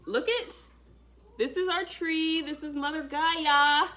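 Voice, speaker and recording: A spiritual teacher with a high voice speaks slowly, giving an animated spiritual talk directly to her viewers. Her delivery is casual, emphatic, and dramatic.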